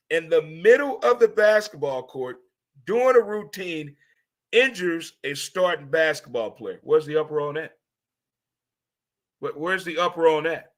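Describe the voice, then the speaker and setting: A man from St. Louis hosts a casual monologue in a bright, forceful voice at a middling pitch. He talks in an animated way, swears freely and drifts into preachy pep talks. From St. Louis, USA. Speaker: host.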